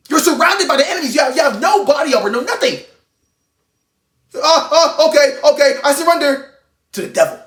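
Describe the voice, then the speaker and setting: A man's voice: sits high, a bit bright, reverberant. A man preaching an informal, fiery sermon to camera, blunt and intense, swearing freely as he urges his listeners. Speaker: online Christian preacher.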